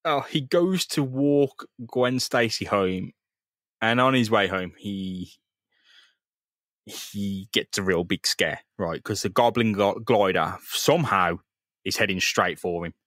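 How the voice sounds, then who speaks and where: A man's voice: on the low side, slow, a bit bright, dry recording, studio quality. A man, a podcast co-host retelling a comic in casual, sweary banter and acting out the characters' lines. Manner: loose, sweary storytelling that acts out characters' lines. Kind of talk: casual comic chat recapping a comic.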